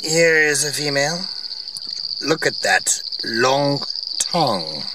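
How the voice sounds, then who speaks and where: A man's voice: fairly high pitch, lively intonation, takes it slowly. A man on a game drive giving rambling, opinionated, wry commentary outdoors from a vehicle. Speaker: vlogger on safari. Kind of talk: casual commentary. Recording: distant mic, faint outdoor noise.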